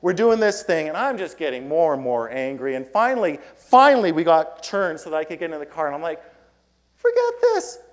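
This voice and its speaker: A man's voice: fairly high pitch, lively intonation, a little fast, few pauses. A man giving a keynote talk at a conference, telling a story and acting out his own lines in a raised voice. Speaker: keynote speaker. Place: conference hall before an audience.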